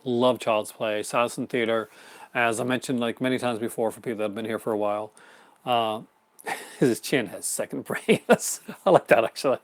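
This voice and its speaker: A man's voice: mid-range voice, steady tone, moderate pace, dry recording. A man hosting a casual live stream, rambling enthusiastically about his horror film collection, with many fillers and restarts. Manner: answers viewer chat comments.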